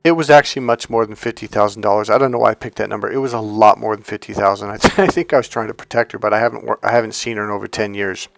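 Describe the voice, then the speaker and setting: A man's voice: lowish voice, fairly even intonation, racing, gravelly, few pauses, dry recording, soft background music. A man working as a dating coach, casually telling a story to his viewers in a rambling way and often repeating "I go" and "she goes".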